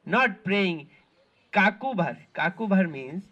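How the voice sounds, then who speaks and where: A man's voice: high-pitched, animated, slow pace, fairly bright tone, highs cut off. A man giving an earnest devotional talk as a guide at pilgrimage sites, often repeating himself and searching for words. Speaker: spiritual tour guide.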